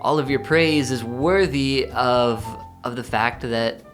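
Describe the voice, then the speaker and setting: A young man from Indiana chatting casually as a co-host, relaxed and rambling, a little self-deprecating. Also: medium pitch, takes it slowly, faint music behind. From Indiana, USA. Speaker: co-host, artist. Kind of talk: casual chat.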